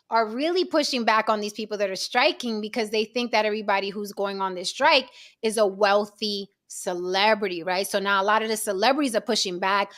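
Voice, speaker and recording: A woman's voice: medium pitch, a bit bright. A woman hosting a casual livestream chat, blunt and swearing freely. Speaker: host.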